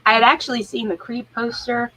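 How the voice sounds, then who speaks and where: A woman being interviewed as an actor, chatty and pausing to search for words. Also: fairly high pitch, little pitch movement, sharp tone, rough recording. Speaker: actor guest. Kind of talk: casual interview.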